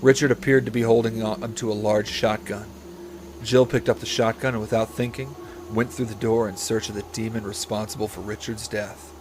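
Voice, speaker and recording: Deadpan man reading a story aloud. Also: lowish voice, moderate pace, background noise. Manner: deadpan narration broken by swearing and asides. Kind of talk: comedic read-aloud with banter.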